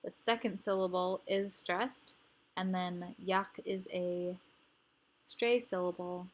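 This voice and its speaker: A woman's voice: fairly low pitch, steady tone, takes it slowly. A woman teaching grammar rules, explaining patiently and repeating each example word.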